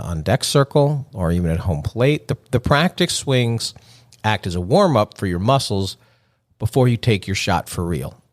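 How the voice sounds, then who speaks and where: A man hosting a podcast, talking alone in a joking, conversational way and chuckling at his own lines. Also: fairly low pitch. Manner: joking, conversational, self-amused. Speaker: podcast host. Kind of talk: solo podcast monologue.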